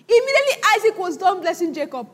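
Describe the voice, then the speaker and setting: A woman's voice: extremely high pitch, big pitch swings, fast talker, darkish tone, in a large hall. A woman preacher teaching a sermon from the Bible, retelling the story animatedly and laughing often.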